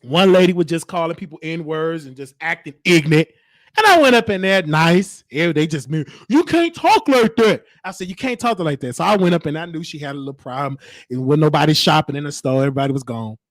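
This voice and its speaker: A man hosting a show, telling stories in an animated way and acting out the voices of the people in them. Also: fairly high pitch, fast, no room sound. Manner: animated, acts out quoted voices. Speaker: show host. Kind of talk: storytelling monologue.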